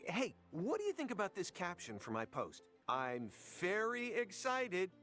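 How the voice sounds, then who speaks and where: A man's voice: high voice, huge pitch swings, a little slow, a bit bright, soft background music, pitched above the performer's own voice, full character voice. A man reading out a cheerful male rancher in a game, with a put-on accent of unclear origin. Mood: chirpy. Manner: chirpy, upbeat, put-on accent.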